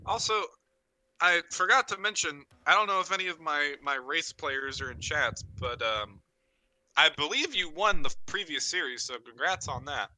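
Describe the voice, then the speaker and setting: A man's voice: on the high side, lively intonation, moderate pace, bright, forceful tone. A young man casting a game on a casual drinking stream, joking and crude in his banter. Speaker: esports caster.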